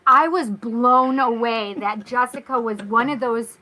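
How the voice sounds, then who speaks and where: A woman from North America, a guest telling a personal story in casual, animated talk, acting out the voices in her quotes. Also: fairly high pitch, measured pace, low-quality recording.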